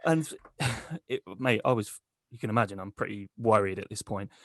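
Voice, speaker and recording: A man co-hosting a comedy podcast, telling a crude, deadpan tall tale. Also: on the low side, normal speed, no room sound, clean studio sound. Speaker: podcast co-host. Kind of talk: comic storytelling.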